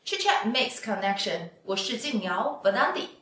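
A woman's voice: mid-range voice, sing-song, fairly bright tone, slight background noise. A woman teaching a pinyin lesson, drawing out each sound patiently for students to repeat. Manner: patient, drawn-out demonstration of sounds. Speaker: Chinese language teacher. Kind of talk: slow pinyin lesson with drills. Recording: very echoey room, voice from off mic.

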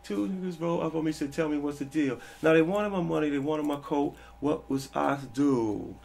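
A man in his forties telling stories from his past in a casual interview, animated and quick to act out the people in them. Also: a little high, a little hiss or hum. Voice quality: gravelly, husky. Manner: animated, acts out quoted people with a raised voice. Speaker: interview guest.

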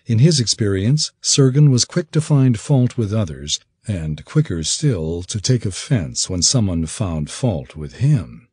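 A man reading an audiobook in expressive, measured scripted narration. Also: on the low side, husky, no room sound.

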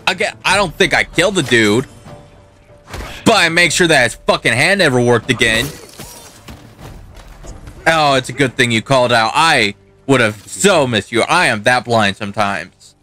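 A man's voice: mid-range voice, animated, normal speed, long pauses, sharp tone, soft background music. A young man swearing and ranting as he comments on his own gameplay. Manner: profane, ranting, talks back to the game. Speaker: gaming channel host. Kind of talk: let's play commentary.

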